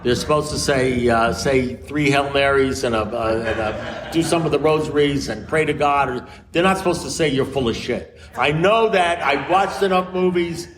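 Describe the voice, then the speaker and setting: In a noisy recording from a meeting room, an American man at a recovery meeting shares a story at normal speed. He acts out the dialogue vividly, his pitch leaping up and down as he switches between speakers.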